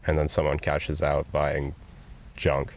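A young man working as a store cashier, talking candidly and haltingly in an interview, earnest and sometimes emotional. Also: rumbling low, monotone, vocal fry, slight background noise.

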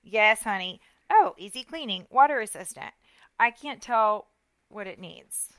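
A woman's voice: mid-range voice, measured pace, dry recording. A woman in her forties with a Southern US accent, co-hosting a casual chat and telling stories animatedly, acting out the people she quotes. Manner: animated storytelling, acts out quotes. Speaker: podcast co-host.

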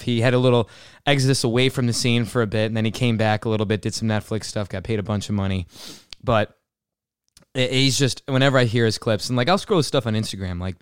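A man's voice: mid-range voice, clean tone, no room sound, studio quality. A man hosting a show, rambling in casual commentary with many fillers. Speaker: podcast host.

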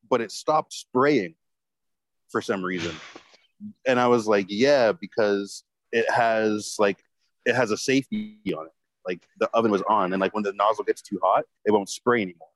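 A man's voice: lowish voice, normal speed, dry recording, poor audio. A man telling a rambling story in casual chat, swearing heavily and filling his talk with "like.". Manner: rambling, heavy swearing, lots of fillers.

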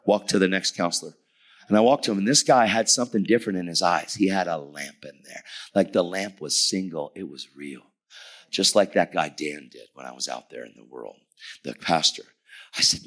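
Middle-aged preacher, low voice, animated testimony with whispered asides. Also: male voice, normal speed. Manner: animated storytelling, acts out dialogue, drops to whispers. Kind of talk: testimony sermon.

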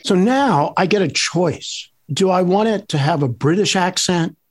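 Husky-voiced man asking provocative questions. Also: high-pitched, expressive, measured pace. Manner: playful, provocative questioning, devil's advocate. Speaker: podcast host. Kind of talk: casual chat.

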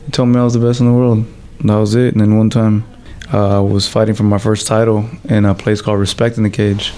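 A professional fighter telling stories in a casual interview, loose and full of swearing, with fillers like "you know" and "like.". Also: male voice, fairly low pitch, little pitch movement, fast talker, mellow, soft background music.

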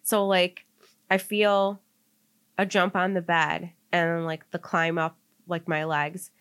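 A woman's voice: lowish voice, level tone, slow pace, a bit bright, smooth. A young woman co-hosting a podcast, telling a personal story in casual chat, full of "like" fillers and getting tearful. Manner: heavy use of "like" as filler, emotional and tearful. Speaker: podcast co-host.

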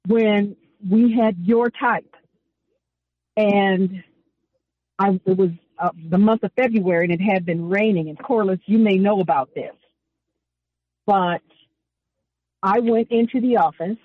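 A woman on a radio talk show gives impassioned commentary and tells a personal story, speaking emphatically and deliberately and repeating phrases. Her voice is mid-range with no room sound, and the audio is dull, lo-fi radio quality.

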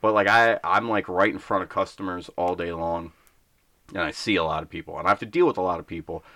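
A young man co-hosting a podcast vents bluntly about the people he deals with at work. His voice sits low but comes across bright and forceful. The sound is dry and close to the mic. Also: fast, dry recording. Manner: blunt, ranting, acts out voices in stories. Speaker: podcast co-host. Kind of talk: casual podcast chat.

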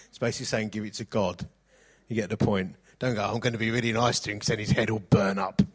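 A man's voice: fairly low pitch, steady tone, fast. A middle-aged man preaching a sermon, mixing jokey anecdotes with scripture reading.

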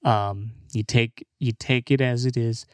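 Slow-talking podcast host, dry sound. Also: male voice, medium pitch, dry recording. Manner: slow, swearing, laughs between jokes. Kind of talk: casual comedic monologue.

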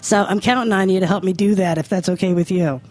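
A bubbly woman hosts a radio interview with plenty of enthusiasm. She talks in a casual, excitable way and laughs easily. Her voice sits at an everyday pitch. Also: quick pace. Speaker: host.

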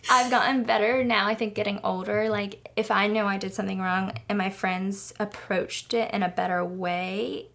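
A young woman co-hosting a podcast, talking at an ordinary middle pitch in a loose, rambling way. She fills her sentences with "like" and "you know" and swears casually as she speaks her mind. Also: fairly even intonation, moderate pace, vocal fry, hardly any pauses, fairly bright tone. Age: 20s. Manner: rambling, many fillers, candid and swears casually. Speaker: podcast co-host. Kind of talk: casual chat.

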